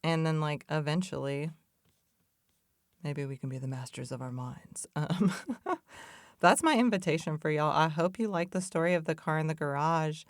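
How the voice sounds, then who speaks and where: A woman's voice: sits low, moderate pace, no room sound, studio quality. A woman hosting a podcast in a loose, chatty way, full of "like" and "y'all". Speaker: podcast host. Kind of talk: casual reflective talk on addiction recovery.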